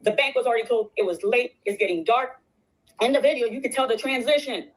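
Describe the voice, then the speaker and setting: A woman telling her side of a settlement story, rushing excitedly and repeating phrases. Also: on the high side, poor audio. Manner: rapid and excitable, repeats herself. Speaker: guest recounting a legal settlement. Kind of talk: casual storytelling on a stream.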